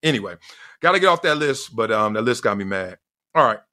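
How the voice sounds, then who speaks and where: A middle-aged man hosting a casual solo podcast, telling slangy, animated stories and laughing often. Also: mid-range voice, brisk. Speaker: podcast host.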